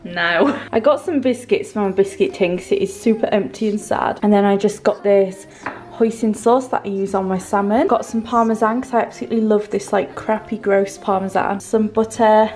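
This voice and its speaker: A young British woman vlogs casually to camera while feeling under the weather, rambling and poking fun at herself. Her voice is medium in pitch, a little mellow, and moves at a normal speed.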